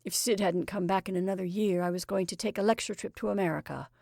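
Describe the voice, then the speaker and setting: A woman's voice: mid-range voice, fast talker, gravelly, a little mellow, dry recording. Exuberant chatty actor, middle-aged man, read by a woman; dry close sound. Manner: exuberant, rambling, confiding. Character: jolly middle-aged male stage actor, gleeful and chatty.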